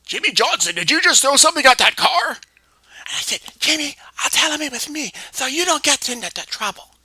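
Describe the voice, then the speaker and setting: A woman's voice: high voice, lively intonation, brisk, bright, forceful tone, no room sound, full character voice. A woman voicing a naive, chattering eight-year-old girl who rambles breathily through her story with stammered restarts, often half-whispering. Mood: childish chatter. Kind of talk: comedic one-woman voice sketch.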